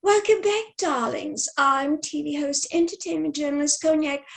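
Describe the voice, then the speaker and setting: A woman's voice: high voice, moderate pace, gravelly. A woman doing a posh British TV presenter. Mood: chirpy. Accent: British, put on.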